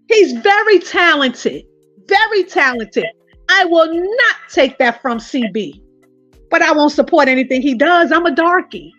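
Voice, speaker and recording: A woman giving casual commentary, telling stories in a lively way and speaking directly to her viewers. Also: high-pitched, measured pace, no echo, muffled recording, soft background music. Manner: animated storytelling, addressing viewers as "y'all". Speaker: online commentator.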